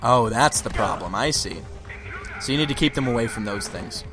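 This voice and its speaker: Joking man narrating gameplay, lively pitch. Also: moderate pace. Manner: joking, teasing banter. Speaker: let's play co-commentator. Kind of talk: casual gameplay commentary. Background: game music.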